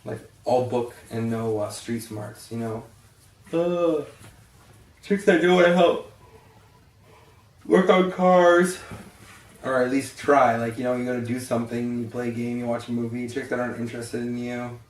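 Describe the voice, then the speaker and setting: A man's voice: mid-range voice, moderate pace, long pauses. Blunt, tired man rambling in an echoey room. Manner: blunt, swears freely, rambling with many fillers. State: tired and yawning. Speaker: vlogger. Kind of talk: casual rambling monologue. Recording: echoey room, distant from the mic.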